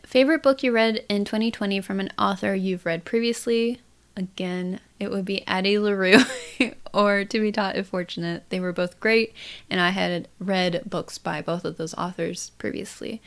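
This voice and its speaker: A young woman chatting casually about books she read, laughing often and reading quotes aloud softly. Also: medium pitch. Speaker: book vlogger. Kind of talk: casual book chat to camera.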